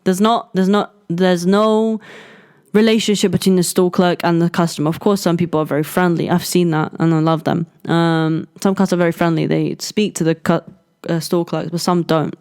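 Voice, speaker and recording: Brief: young woman hosting a podcast, candid storyteller who swears freely and says "like" a lot, smooth clear voice. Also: lowish voice, level tone, fairly quick, darkish tone. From London, England. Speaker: podcast host. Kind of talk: casual personal storytelling.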